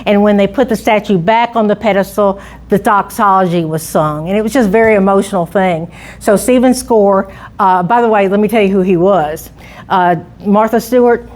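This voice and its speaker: A woman's voice: medium pitch, a little mellow. Chatty woman telling local history. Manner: chatty storyteller, frequent restarts and asides. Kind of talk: informal public talk.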